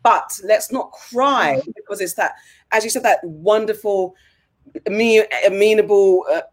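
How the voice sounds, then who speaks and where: A man talking on a podcast in a fairly high voice. He muses in long, rambling turns with a wry edge, working his way through his point. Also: a little slow. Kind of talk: casual podcast chat.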